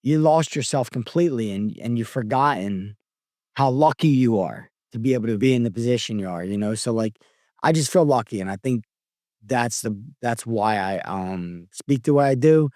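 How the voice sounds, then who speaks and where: A man's voice: mid-range voice, moderate pace, a little mellow, no echo, studio quality. A man, a podcast guest talking candidly and reflectively about feeling lucky, full of "like" and "dude" and restarts. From Philadelphia. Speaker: guest, former pro fighter.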